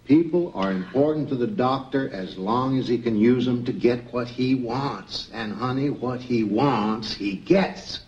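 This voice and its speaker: A man's voice: medium pitch, measured pace, few pauses, darkish tone, highs cut off, a little hiss or hum, lightly acted. An actor playing an older, blunt and doting Texas oilman father, folksy and scornful. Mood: gruff, scornful. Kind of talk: TV film drama acting.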